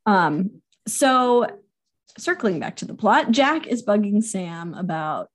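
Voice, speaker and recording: A woman's voice: medium pitch, very animated, takes it slowly. A young woman co-hosting a podcast, chatting casually about a book and laughing often. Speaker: podcast co-host. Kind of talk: casual book-club chat.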